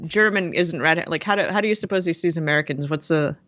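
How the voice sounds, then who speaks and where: A woman's voice: low voice, fast, a bit bright, dry recording, dull audio. A woman from Canada, a podcast guest, mocking and laughing in casual chat.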